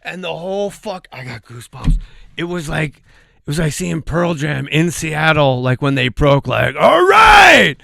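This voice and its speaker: A man guesting on a podcast, telling comic stories in an animated, profane way, acting out quotes with sudden shouts. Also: a little high, normal speed, creaky, dry recording, clean studio sound. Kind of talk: comic storytelling in a podcast interview.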